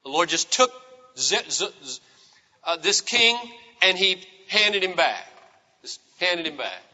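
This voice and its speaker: A man preaching a sermon and reading scripture, with emphatic swings in pitch and stress. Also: sing-song, slow pace, sharp tone. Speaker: pastor. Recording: old sermon tape, long hall reverb.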